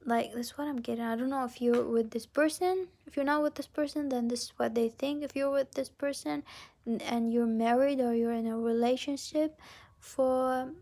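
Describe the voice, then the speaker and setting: A woman giving a casual pick-a-card reading, talking haltingly with lots of restarts and often slipping into a whisper. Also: high voice, fairly even intonation, mellow. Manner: often drops into a whisper mid-sentence. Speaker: tarot card reader.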